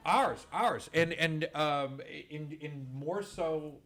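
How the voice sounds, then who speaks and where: A man's voice: fairly high pitch, slow, fairly bright tone. A man hosting a radio show in casual chat, rambling with many restarts and fillers, in a radio studio.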